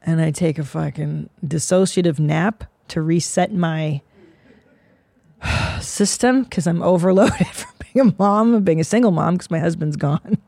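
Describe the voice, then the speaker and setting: Woman host, 40s, gravelly and dry, swears freely in a rambling solo monologue. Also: fairly low pitch, a little slow, warm tone, no room sound. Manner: profane, rambling, self-mocking. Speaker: podcast host.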